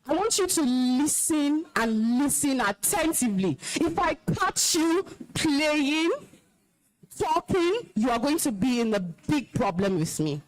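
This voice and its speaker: Nigerian woman speaker, high-pitched and emphatic, stern alumna lecturing students on discipline. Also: big pitch swings, takes it slowly, a little hiss or hum, poor audio. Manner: scolding, commanding, emphatic. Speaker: alumna guest speaker, compere. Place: school hall, live event.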